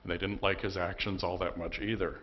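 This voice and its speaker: A man's voice: deep voice, little pitch movement, brisk, lo-fi sound. A man preaching a sermon as pastor, telling the story conversationally with emphatic bursts. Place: church.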